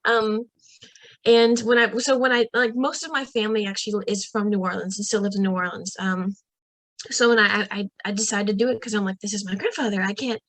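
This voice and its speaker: A young woman guest on a podcast, telling a personal story in a lively, casual way and acting out what people said. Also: fairly quick, dry recording. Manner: lively, acts out quoted voices in a higher pitch; frequent fillers and restarts.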